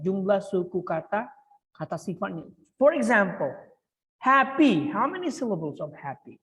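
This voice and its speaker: A woman's voice: mid-range voice, big-room sound, rough recording. A woman with an Indonesian accent teaching English grammar, coaxing and repeating words for her pupils.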